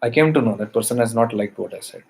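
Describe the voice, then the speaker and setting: A man's voice: mid-range voice, fast, vocal fry, darkish tone, low-quality recording. A man, a spiritual teacher telling a story in an emphatic way, repeating phrases for stress.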